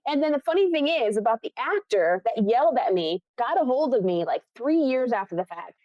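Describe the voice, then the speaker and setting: A woman's voice: a little high, sing-song, a little fast, no room sound, dull audio. A young woman from Buffalo, New York, a film assistant director, telling a story in a casual interview. She acts out the people she quotes and laughs often.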